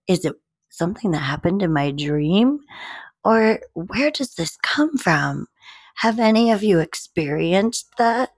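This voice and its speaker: A young woman hosting a casual livestream from home, greeting viewers by name with slow, drawn-out, giggly chatter into her phone. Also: low voice, animated, slightly rough. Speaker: livestream host.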